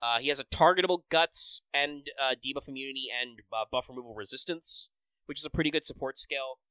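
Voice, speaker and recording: A man's voice: mid-range voice, fairly quick, bright, forceful tone, no echo, poor audio. A man hosting a casual podcast, enthusiastically breaking down game details with many fillers. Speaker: podcast host. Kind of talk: casual podcast chat about a mobile game.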